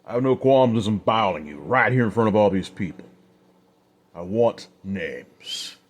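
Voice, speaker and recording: A man voicing a cold, calm gunslinger with hollow eyes in a told Western tale, speaking quietly and steadily with quiet menace. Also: lowish voice, measured pace.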